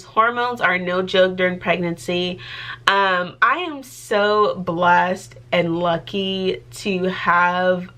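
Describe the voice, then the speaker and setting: Bright-voiced young woman chatting on a vlog. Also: medium pitch. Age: young adult. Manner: chatty, giggly, lots of "like" fillers. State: pregnant. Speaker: vlogger. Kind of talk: casual personal vlog.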